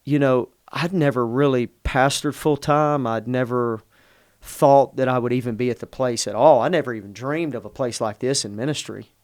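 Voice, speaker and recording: At normal speed and with fairly even intonation, a middle-aged pastor with a darkish, medium-pitched voice shares a personal story in conversation. He is earnest and emotional, interrupting himself to restart sentences. The recording is studio quality with no echo.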